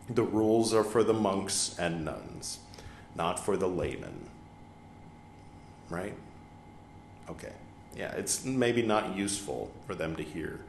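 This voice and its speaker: A man hosting a podcast, reading a religious text aloud and breaking off for wry, joking asides. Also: mid-range voice. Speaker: podcast host reading scripture. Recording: echoey room.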